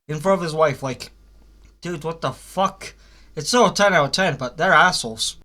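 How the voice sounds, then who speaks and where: A man's voice: a little high, pushed and bright. Rambling young man reviewing cartoons. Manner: rambling, halting, lots of fillers and restarts, blunt swearing. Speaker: vlogger reviewing a cartoon series. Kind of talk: casual spoken review.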